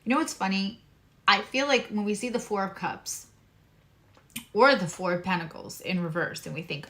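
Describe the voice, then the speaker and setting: A woman from Long Island reads astrology and tarot casually at medium pitch and a moderate pace, her voice a bit bright. Her accent is neutral American, the Long Island one dropped, and she emphatically repeats her key phrases with chatty asides mixed in.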